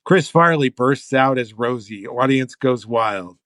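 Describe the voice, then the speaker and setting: A man's voice: mid-range voice, animated, unhurried, fairly bright tone, dry recording, studio quality. A man, a comedy writer, reading an old sketch script aloud and laughing as he goes. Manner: amused, laughing as he reads. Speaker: comedy writer, podcast guest.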